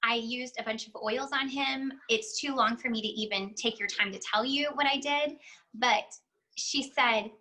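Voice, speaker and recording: This is a woman in her thirties, talking casually about home remedies. Her voice sits a little high and rings bright and forward. She tells her story with animation, slipping into the voices of the people she quotes. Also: normal speed, low-quality recording. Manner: animated storyteller who acts out quoted dialogue. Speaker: host sharing home remedy testimony. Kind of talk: casual testimony talk.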